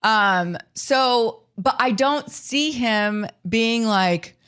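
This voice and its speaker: A woman's voice: on the high side, animated, fairly bright tone, clear, resonant tone. A woman co-hosting a podcast in casual, self-mocking chat. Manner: joking, self-mocking, quick asides. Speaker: podcast co-host.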